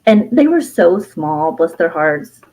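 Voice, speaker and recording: A woman's voice: lowish voice, very animated, slow pace, mellow, poor audio. Earnest, heartfelt woman herbalist. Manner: earnest and heartfelt, laughs often, trails off and restarts. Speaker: herbalist and author, interview guest. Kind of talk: candid personal storytelling in conversation.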